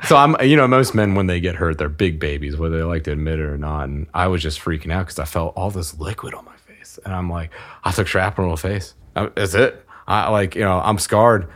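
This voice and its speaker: A man in his thirties casually telling a funny story about himself, animated and laughing as he goes. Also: low voice, fairly quick, hardly any pauses. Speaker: podcast guest.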